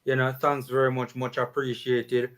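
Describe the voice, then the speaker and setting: A man with a Jamaican accent hosting a sports vlog, talking in casual, animated Patois-laced banter. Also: mid-range voice, normal speed. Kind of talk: casual chat.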